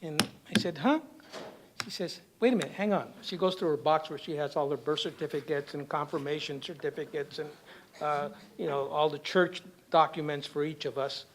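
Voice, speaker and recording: A man's voice: fairly high pitch, fairly even intonation, a little fast, a bit bright, a little hiss or hum. A man on a symposium panel telling a humorous personal story, often tagging lines with "okay?". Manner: humorous anecdotal delivery with frequent "okay?" tags. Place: university symposium hall.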